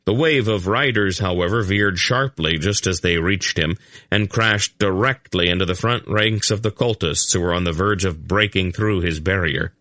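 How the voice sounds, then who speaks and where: A man reading an audiobook aloud in a deep, low voice, steady and measured. The sound is close and dry, with no room around it. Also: dry recording. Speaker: audiobook narrator. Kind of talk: scripted narration.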